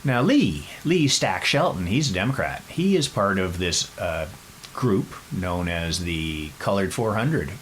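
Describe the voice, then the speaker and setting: Low-voiced male podcast host, chatty storyteller with wry jokes. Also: a little slow, slight background noise, poor audio. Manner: animated, chatty, wry asides. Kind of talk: casual storytelling.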